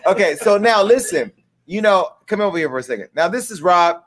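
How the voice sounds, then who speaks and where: A man's voice: sits high, expressive, brisk, fairly bright tone. Brash, foul-mouthed man hosting a live show. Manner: brash, profane, rambling banter. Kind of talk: casual live-stream talk.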